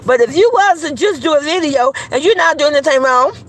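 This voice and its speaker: A woman's voice: sits high, animated, a little fast, low-quality recording. A woman hosting a gossip commentary channel, who talks bluntly, swears a lot, hurls insulting names and fires off rhetorical questions. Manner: repetitive, calls people insulting names. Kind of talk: profane opinion commentary.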